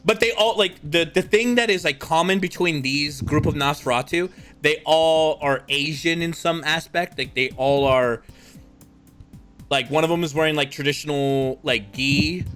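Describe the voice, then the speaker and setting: A man's voice: fairly high pitch, normal speed, a bit bright, faint music behind. A man acting as game master, narrating a tabletop role-playing game in a rambling way full of fillers.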